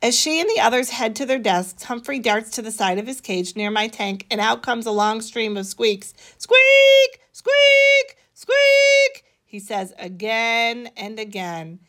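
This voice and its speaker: A woman reading a children's story aloud, expressive, with a bright, animated delivery. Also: moderate pace, hardly any pauses. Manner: expressive, voices the children's dialogue higher.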